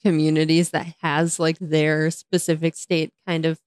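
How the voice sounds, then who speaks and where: Casting: young American woman, co-host, giggly and playful, slightly low voice, dry close sound. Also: little pitch movement, measured pace, a little mellow, no echo. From United States. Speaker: podcast co-host. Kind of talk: casual chat.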